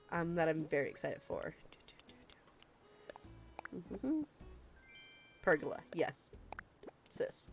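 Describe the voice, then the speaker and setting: A young woman with the hiccups, chatting casually and laughing often while streaming a video game. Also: on the low side. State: has the hiccups. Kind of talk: casual gameplay chat.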